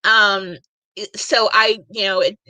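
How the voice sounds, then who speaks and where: Woman podcast host in her forties, emotional and rambling, with a bright, dry voice. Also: medium pitch, steady tone, measured pace, no echo. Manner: emotional, rambling, many fillers. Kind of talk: live panel show chat.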